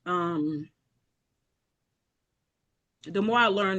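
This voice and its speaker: A woman's voice: lowish voice, steady tone, unhurried. Woman keynote speaker, impassioned and rhythmic, heard over a video call. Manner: impassioned, rhythmic lists, frequent apologies. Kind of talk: emotional anniversary speech. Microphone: video call mic.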